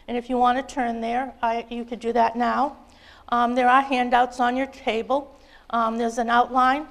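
A woman teaching a Bible lesson to a group. She speaks earnestly and gently, with soft "um"s, and her voice sits a little high. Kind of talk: Bible lesson with a read-aloud children's story.

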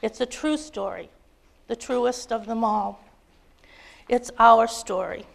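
A woman leading a Bible lesson who speaks in an earnest, gentle way with soft fillers and reads a children's story aloud. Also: a little high, slow pace, gravelly. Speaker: Bible study teacher.

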